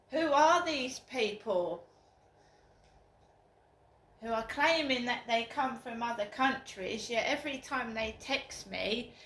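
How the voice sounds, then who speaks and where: Older woman, slow unhurried vlog talk, rambling and frank, slightly high voice, echoey room with faint background noise. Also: fairly bright tone. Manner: rambling and frank, with frequent pauses. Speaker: vlogger. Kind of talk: casual talk to camera. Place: her home, indoors.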